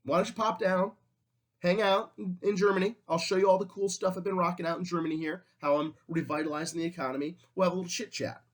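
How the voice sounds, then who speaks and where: A man voicing a smooth-talking male dictator who acts reasonable, in a casual, chummy, persuasive way. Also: fairly high pitch, sing-song, measured pace, hardly any pauses.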